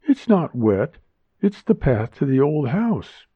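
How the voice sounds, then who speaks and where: A man's voice: on the high side, sing-song, slow pace, slightly rough, dry recording, pitched above the performer's own voice, full character voice. A man voicing a playful, teasing adult woman in a cheerful manner, in a tinny, phone-like recording. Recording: tinny phone-like dry sound.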